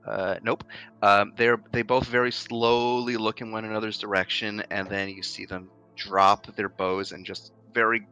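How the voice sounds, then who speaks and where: A man's voice: fairly low pitch, little pitch movement, normal speed, pushed and bright, clean tone, dull audio, soft background music. A man narrating as game master of a tabletop game, describing scenes with fillers and restarts.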